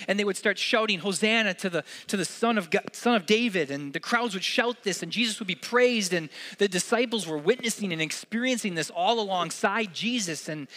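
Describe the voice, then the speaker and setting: Bright high-voiced male preacher. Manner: conversational, earnest preaching with casual asides. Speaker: pastor. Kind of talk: sermon.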